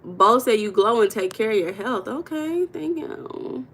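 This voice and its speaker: A woman with a fairly high voice hosts a casual livestream from home. She greets viewers one by one, chatty and playful, before sliding into coaching talk on money mindset. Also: expressive, unhurried, a bit bright, husky. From United States.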